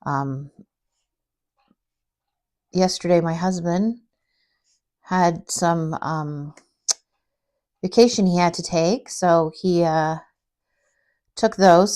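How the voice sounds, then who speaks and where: Middle-aged woman, craft vlogger, casual rambling chat, lots of fillers, slightly low pitch. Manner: chatty, rambling storyteller with fillers; animated when quoting others.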